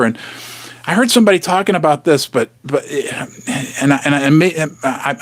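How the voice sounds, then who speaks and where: A man hosts a casual live stream, talking in a lively, swooping voice that sits a little high. He is chatty and teasing, and sometimes drops to a whisper for effect. The sound is dry and close, with no room echo. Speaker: host of a precious-metals live stream. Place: home basement studio.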